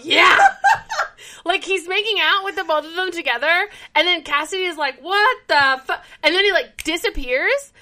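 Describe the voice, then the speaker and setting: A woman co-hosting a casual chat, retelling a TV episode with lively storytelling and acted-out quotes. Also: extremely high pitch, moderate pace. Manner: animated storytelling, acts out character quotes. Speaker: podcast co-host.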